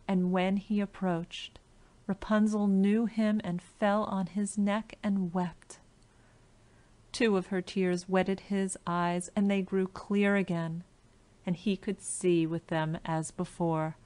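Slow, measured woman reading a fairy tale. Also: medium pitch, fairly even intonation, a little mellow. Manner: slow, clear storytelling delivery. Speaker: audiobook narrator.

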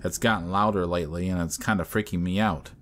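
A man's voice: low voice, fairly even intonation, fast, close to an everyday voice. Austin, a man reading as an edgy young hunter.

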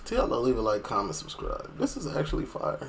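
A young man from Chicago reacting to a music video in loose, slangy talk. His voice has a gravelly fry and swings up and down a lot, and he laughs easily as he comments. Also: mid-range voice, fast, heavy background noise. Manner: animated, slangy, laughs often. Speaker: reaction channel host.

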